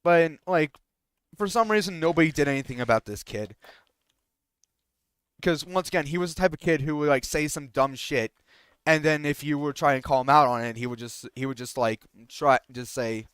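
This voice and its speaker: A young man streamer tells a story in a casual, rambling way, starting over often and filling gaps with fillers. His voice is smooth and somewhat high. The sound is dry and close. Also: moderate pace, fairly bright tone, no room sound. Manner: rambling, frequent restarts and fillers; indignant. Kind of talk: casual storytelling while gaming.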